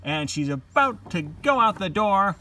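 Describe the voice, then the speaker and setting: A man teaching a literature lesson in an animated manner, acting out quotes from the play. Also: high voice, measured pace.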